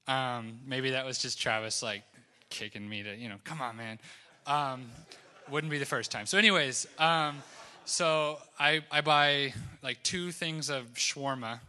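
A man's voice: mid-range voice, bright, forceful tone. A young man telling a story to a group in a casual, wry way, with many hesitations. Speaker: speaker sharing a mission trip story. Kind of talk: testimony talk to a group.

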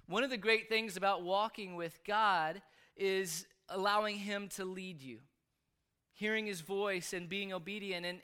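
A man delivers a sermon through personal testimony, speaking in an earnest, confessional way. His voice sits high for a man and rings bright and very clear. He tells his story openly, as if to a familiar congregation.

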